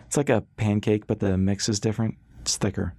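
A man voicing a cheerful, curious young woman aboard an airship, speaking gently with a slightly raised tone, in a dry close-miked audiobook recording. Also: on the low side, little pitch movement, fairly quick, no room sound. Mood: gentle.

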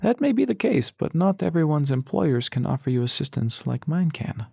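A man voicing an older, white-haired stranger who speaks in a measured, formal and sly way. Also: on the high side, very animated, creaky, mellow, breathy edge, no room sound, studio quality, pitched above the performer's own voice, heavily acted.

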